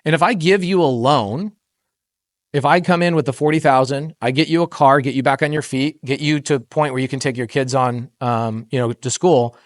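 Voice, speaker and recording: A middle-aged man speaking from a stage at a real estate summit, an animated storyteller who acts out the dialogue in his tales and keeps quizzing the crowd. His voice sits at an ordinary male pitch, and the recording is dry and close, with little room sound. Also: normal speed, no room sound. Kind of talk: motivational stage talk with told stories.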